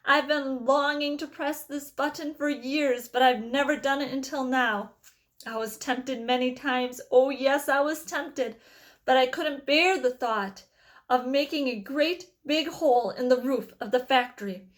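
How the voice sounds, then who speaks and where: A woman reading aloud and voicing an excitable, eccentric male candy maker with a bubbly, theatrical manner. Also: high-pitched, measured pace. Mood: gleeful.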